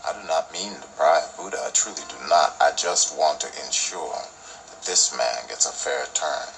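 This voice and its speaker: Casting: a courteous prison inmate, very deep and gravelly, film music underneath. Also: male voice, fairly bright tone, exaggerated voice, low-quality recording. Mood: earnest. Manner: formal, measured. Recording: film audio with music behind.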